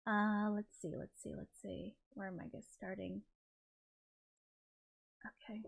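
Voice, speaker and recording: Woman streaming live, flustered and sorry, mutters swears, middle pitch. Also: takes it slowly, gravelly, a bit bright. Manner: flustered, apologetic, swears under her breath. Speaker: livestream host. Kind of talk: casual livestream chat.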